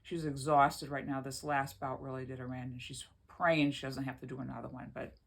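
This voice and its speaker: A woman's voice: extremely low pitch, level tone, fairly quick, gravelly. Chatty woman vlogging from home. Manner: rambling, chatty, laughs often. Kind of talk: casual chat to camera.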